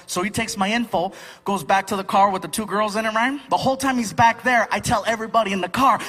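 A man telling a stand-up story, loud and animated, acting out many voices. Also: high voice, quick pace. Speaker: stand-up comedian. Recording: noisy live stand-up recording.

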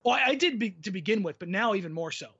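A man co-hosting a basketball podcast talks in long, rambling, opinionated runs and keeps restarting his thoughts. His voice sits a little high. The recording sounds dull and muffled. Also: lively intonation, fast, pushed and bright, husky. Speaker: podcast co-host. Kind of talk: casual basketball podcast chat.

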